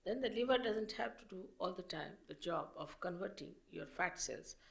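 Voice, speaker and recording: Gravelly-voiced woman giving a spiritual talk. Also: lowish voice, expressive. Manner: slow, measured explaining with pauses. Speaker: spiritual teacher. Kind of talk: public spiritual lecture.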